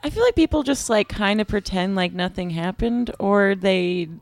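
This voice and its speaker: A woman's voice: medium pitch, expressive, normal speed. A woman comedian guest in casual podcast chat, playful with short replies.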